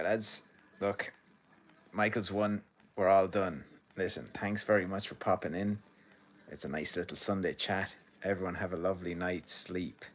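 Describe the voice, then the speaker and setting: An Irish man hosting a livestream, chatting casually with viewers, rambling, swearing and laughing as he reads their comments. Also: sits low. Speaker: livestream host.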